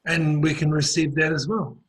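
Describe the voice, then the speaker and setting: A man's voice: fairly high pitch, little pitch movement, normal speed, a bit bright, slightly rough, rough recording. A man with a New Zealand accent chatting casually, telling a story in a rambling way with many restarts and fillers. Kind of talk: casual conversational chat.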